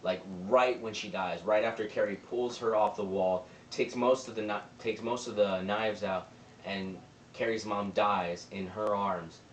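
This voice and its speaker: A young man with a lowish voice walks through a movie's plot in a loose, rambling recap, slipping into the characters' lines as he goes. He sits some way back from the mic in a roomy space, with a faint hum of ambience behind him. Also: fairly even intonation, measured pace, distant mic. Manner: rambling, retells scenes with quoted lines. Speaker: movie reviewer.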